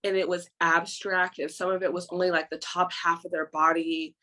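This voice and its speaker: A woman talks in a loose, rambling way, often pausing to hunt for the right word. Her voice sits on the low side. She is a co-host in a relaxed podcast chat. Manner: rambling, searching for words, with frequent "um" and "like". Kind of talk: casual chat.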